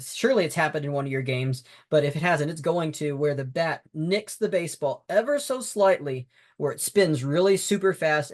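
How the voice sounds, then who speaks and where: A man walks umpires through game footage, talking the way a coach does in a training video. He is conversational and emphatic, with frequent fillers and restarts. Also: a little high. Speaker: baseball umpire instructor. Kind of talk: instructional talk over game footage.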